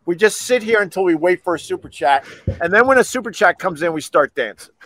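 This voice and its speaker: A man's voice: sits high, fast talker. An older man hosting a casual livestream, joking and laughing with his co-hosts. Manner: animated, laughing, teasing. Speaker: livestream host.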